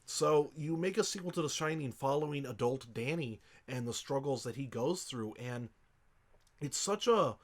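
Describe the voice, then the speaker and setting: A man co-hosting a casual movie review podcast. He rambles with passion, swears often and gets emotional. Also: mid-range voice. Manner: emotional, chokes up. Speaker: podcast co-host.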